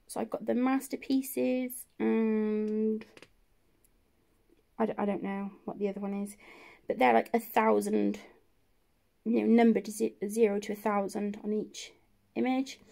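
A woman with a slightly high, gravelly voice chats through a tour of her colouring corner at home. She talks slowly and rambles, teasing herself as she goes. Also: warm tone. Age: adult. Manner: chatty, rambling, self-deprecating. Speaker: colouring channel host. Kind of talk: casual room-tour chat.

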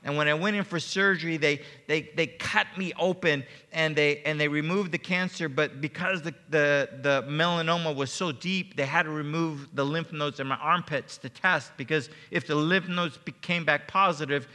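A man preaches to his congregation, sharing a heartfelt personal story. His voice is bright and forceful, and he repeats words when moved. A long reverb from the church hall trails behind each phrase. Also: on the high side, fairly even intonation, moderate pace, hardly any pauses. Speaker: pastor. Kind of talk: sermon. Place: church sanctuary.

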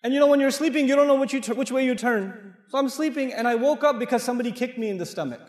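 Racing along in a very high-pitched, slightly mellow voice, a middle-aged Islamic lecturer gives an animated, anecdote-driven talk full of play and acted-out dialogue. His audience is in a large mosque hall, and the recording is echoey and distant.

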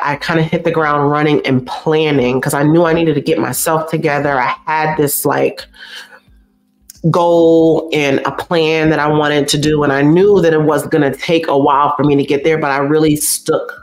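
Low-voiced chatty woman on a livestream. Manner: chatty, effusive, repeats herself. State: teary, stuffy nose. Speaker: YouTube host reading live chat. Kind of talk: casual livestream chat.

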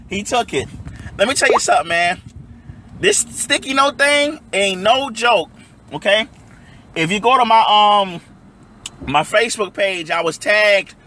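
A man's voice: sits high, bright, forceful tone, slight background noise. Hyped man livestreaming from his car. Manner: hyped, repetitive, laughs often, addresses viewers as y'all. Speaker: livestream host. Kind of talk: excited livestream chat to viewers. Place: inside a car outdoors.

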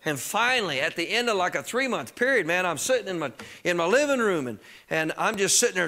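A man preaching a sermon as pastor, emphatic and conversational, talking straight to the congregation and rising to shouts on key phrases. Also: sits high, lively intonation, a little fast.

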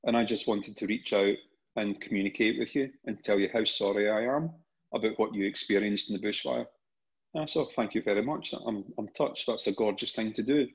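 A man's voice: on the low side, fairly quick, slightly rough. A middle-aged Scottish man, a podcast guest, telling stories casually with lots of restarts and repeated words. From Scotland. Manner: animated anecdotes with frequent restarts and repeated words. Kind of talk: casual storytelling. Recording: dull lo-fi podcast audio.

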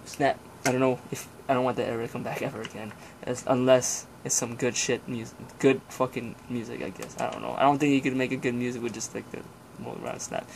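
A young man rambles through a casual review of an old CD, swearing freely and letting out sighs and groans. His voice stays flat and even, with little rise or fall. A faint noise sits behind him. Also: medium pitch, fast talker, creaky, hardly any pauses. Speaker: vlogger reviewing his CD collection.

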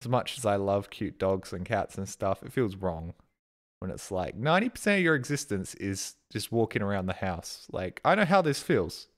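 A man's voice: fairly low pitch, lively intonation, moderate pace. An Australian man streaming live, chatting casually with viewers, reading out chat and thanking subscribers in a rambling, joking way with plenty of swearing.

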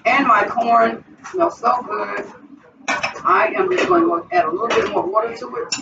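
A woman's voice: a little high, big pitch swings, measured pace, heavy background noise. Woman, cooking vlog host, chatty with viewers, home kitchen, muffled distant recording. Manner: chatty, talks straight to viewers while cooking.

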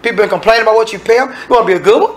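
A man's voice: high-pitched, rapid-fire, rough recording. A man preaching a sermon in a folksy, conversational way, acting out the people in the scripture and making asides to the congregation.

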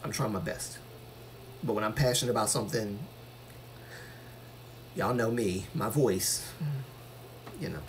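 A man's voice: fairly low pitch, unhurried, long pauses, a little hiss or hum. A man talking casually to viewers on his live stream, earnest and rambling, with a voice that carries when he gets passionate.

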